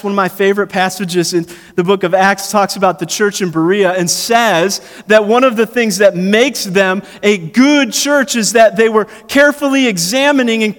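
High-voiced pastor preaching in a reverberant hall. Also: male voice. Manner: conversational preaching, animated, acts out quotes. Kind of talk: sermon.

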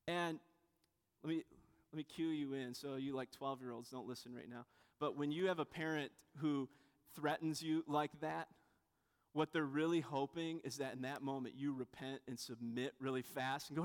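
A man with a high voice delivers a sermon, chatting and telling stories as he goes. He often breaks off and restarts his sentences, adding asides along the way. His voice carries a long reverb, as if filling a church hall. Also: steady tone, moderate pace. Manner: conversational, with frequent restarts and asides. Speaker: pastor. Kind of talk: sermon with storytelling.

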